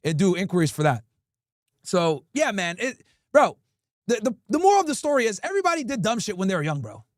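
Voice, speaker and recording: A man's voice: high-pitched, sing-song, fairly quick, dry recording, studio quality. A young adult man hosting a livestream, telling a profane, rambling story and tagging "right?" onto his lines. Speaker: livestream host. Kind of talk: casual storytelling monologue.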